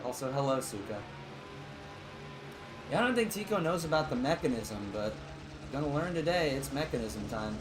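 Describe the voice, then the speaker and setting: A man's voice: mid-range voice, expressive, normal speed, noisy background. A young man streaming casual live gameplay commentary, rambling and joking as he chats with his viewers.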